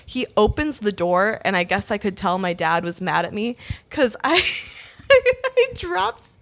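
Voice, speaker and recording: A woman's voice: medium pitch, measured pace, no room sound. Laughing young woman telling a wild story. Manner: animated, laughs often, swears freely. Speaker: podcast co-host. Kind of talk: casual storytelling.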